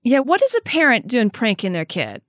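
A young woman co-hosting a podcast in casual chat, animated and sarcastic, quick to laugh. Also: fairly high pitch, no room sound, clean studio sound. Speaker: podcast co-host.

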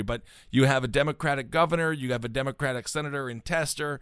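A man's voice: medium pitch, a little fast, hardly any pauses, fairly bright tone, smooth, no echo, studio quality. A man from Wisconsin hosting an interview show, asking questions with playful, jokey asides. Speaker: show host. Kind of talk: casual interview chat.

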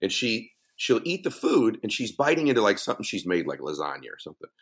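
A middle-aged man telling a story in a podcast conversation, animated and laughing, with big swings in his voice. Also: fairly low pitch, fast. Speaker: podcast guest, motivational speaker.

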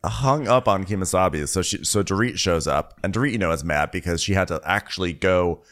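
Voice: low-pitched, brisk, a bit bright. A podcast co-host recapping a reality show in a wry, sarcastic storytelling manner. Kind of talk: comedic recap chat with impressions.

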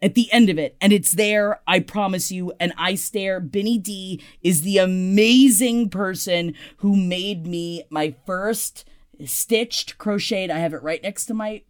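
A foul-mouthed woman co-hosts a gossip podcast at an ordinary mid pitch. She talks in a chatty, casual way. Her voice jumps from loud bursts to quiet asides. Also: a little slow, clear, resonant tone. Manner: chatty and profane, swings between loud and soft. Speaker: podcast co-host. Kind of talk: casual pop-culture chat.

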